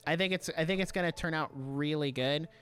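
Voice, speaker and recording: A young man co-hosting a podcast, talking casually and defending his opinions with animated emphasis. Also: fairly high pitch, a little fast, faint music behind. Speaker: podcast co-host.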